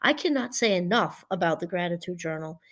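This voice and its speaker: A woman's voice: on the low side, animated, brisk, fairly bright tone. A woman professor giving a casual, chatty talk. She wanders off topic, restarts her sentences often and laughs easily. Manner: chatty and digressive, with frequent restarts. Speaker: professor and podcast host. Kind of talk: casual teaching monologue.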